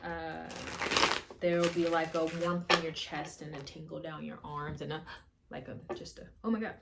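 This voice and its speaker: A lower-voiced woman doing a loose, rambling tarot reading at home, full of fillers, asides and the odd curse. A faint hiss sits behind her voice. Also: fairly even intonation, moderate pace, vocal fry. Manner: rambling, swears, fillers, talks to spirits. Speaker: tarot reader. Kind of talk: casual channeled tarot reading. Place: home with washer running.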